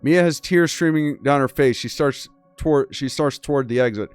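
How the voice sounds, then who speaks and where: A man's voice: mid-range voice, moderate pace, clear, resonant tone, soft background music. A man hosting a gaming channel, reading a game's story aloud with casual, crude commentary and disbelieving asides.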